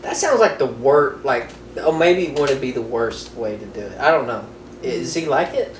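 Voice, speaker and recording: Giggly far-off podcast host, animated pitch. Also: male voice, moderate pace. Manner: giggly, breaks into laughter mid-story. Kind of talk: casual rambling storytelling. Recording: echoey room from far off, faint noise.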